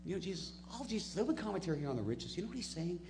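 Dynamic male preacher, hushed to booming. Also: big pitch swings, rapid-fire, vocal fry, slight background noise. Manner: dynamic preaching, swinging from hushed low asides to loud emphatic peaks. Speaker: pastor. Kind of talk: sermon.

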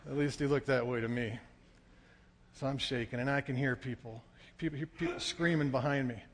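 A man telling a dramatic story to an audience, acting out shouts and crowd noise as he goes. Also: medium pitch, fairly even intonation, fairly quick, big-room sound.

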